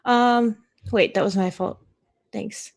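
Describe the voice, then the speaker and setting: A woman's voice: mid-range voice, fairly even intonation, slow, gravelly. A woman player in a tabletop game, chatting casually and making playful jokes. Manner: playful and joking. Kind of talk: casual chat.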